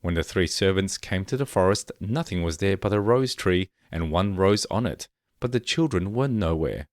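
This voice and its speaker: Deep-voiced male fairy-tale narrator. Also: expressive, moderate pace, no echo. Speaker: storyteller.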